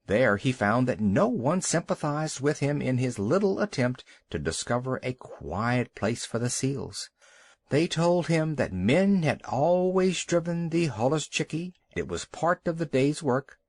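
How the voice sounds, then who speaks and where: A man narrating a children's storybook with an expressive, animated reading. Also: mid-range voice, no echo. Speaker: audiobook narrator.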